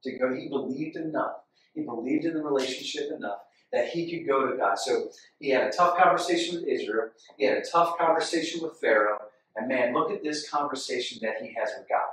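A man preaching a sermon, impassioned and repetitive, rising loud when he reads scripture aloud. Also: mid-range voice, a little fast. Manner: impassioned, repeats phrases, rises loud when reading scripture. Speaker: pastor. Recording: echoey hall, from far off.

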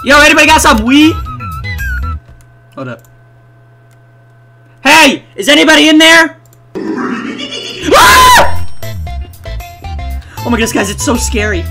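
An excitable, jokey streamer giving live gameplay commentary, swinging into mock wailing. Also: high voice, normal speed, pauses often, soft background music.

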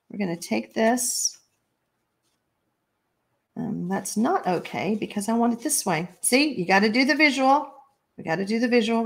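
A Texan woman with a slightly high voice hosts a live card-making stream. She talks in a chatty, folksy way, laughs often, and stops to read viewer comments aloud. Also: fairly bright tone. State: allergies, watery eyes. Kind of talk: live stream craft tutorial.

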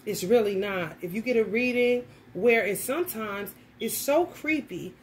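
Animated profane woman tarot vlogger. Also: on the high side, measured pace, slight background noise. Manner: animated, profane, laughs while telling stories. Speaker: tarot reader. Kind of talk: casual vlog storytelling.

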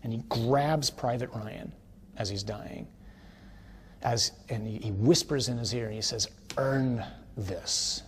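A man, a priest, giving a teaching talk on worship in a conversational way, tossing in tag questions and building to forceful, emphatic declarations. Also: mid-range voice, unhurried, a little hiss or hum.

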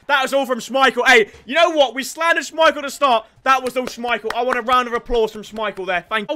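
A young man giving excited gameplay commentary, breaking into sudden shouts and repeating catchphrases. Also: very high voice, brisk, hardly any pauses, a faint crowd. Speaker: gaming YouTuber.

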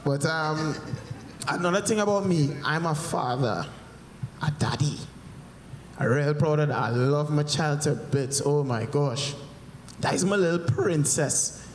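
A man tells comic stories on stage, slipping into voices for the people in them. His voice sits somewhat high, and it rings through a large, echoey hall with a long reverb tail. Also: measured pace, a little hiss or hum. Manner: animated storytelling with character voices. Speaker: stand-up comedian. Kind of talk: stand-up comedy set. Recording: echoey hall, live performance.

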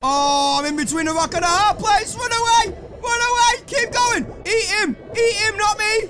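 A man commentating on a video game he plays, excitable and full of swearing, yelps and laughs. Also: extremely high pitch, normal speed, hardly any pauses, a faint crowd. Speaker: gaming video host. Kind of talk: let's play commentary.

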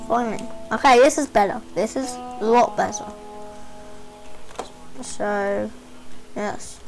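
A woman's voice: on the high side, takes it slowly, creaky, pauses often, darkish tone, faint music behind, low-quality recording. A woman rambling her way through casual gameplay commentary, chatty with giggly asides. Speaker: game player.

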